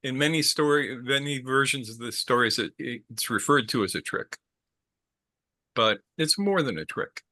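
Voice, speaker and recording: A man's voice: mid-range voice, lively intonation, normal speed, sharp tone, no room sound. A man telling a traditional story to a group in a casual way, repeating words and stopping to ask questions.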